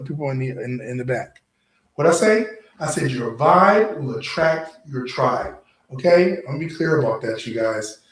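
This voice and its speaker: A man hosting a show and giving a motivational talk to a live audience. He is emphatic and repeats himself, often tossing "right?" back at the crowd. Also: mid-range voice. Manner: emphatic, repetitive, keeps asking "right?". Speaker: show host.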